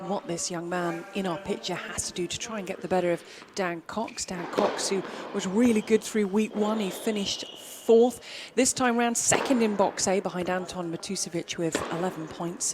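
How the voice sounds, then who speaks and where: A woman's voice: fairly low pitch, noisy background. A woman commentating on a tennis match, setting it up with facts and figures. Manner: informative, steady play-by-play with stats. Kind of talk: live sports commentary.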